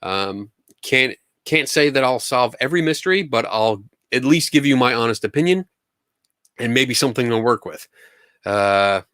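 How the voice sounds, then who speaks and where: A man's voice: mid-range voice, animated, normal speed, fairly bright tone, no echo, clean studio sound. A man hosting a live question-and-answer stream, talking casually in an upbeat, enthusiastic way, often restarting his sentences. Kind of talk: casual livestream chat.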